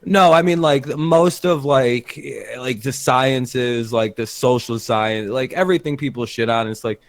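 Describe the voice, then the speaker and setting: A man's voice: medium pitch, a little slow, no echo. Man, podcast co-host, rambling, opinionated, many restarts, dry close sound. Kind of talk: casual banter.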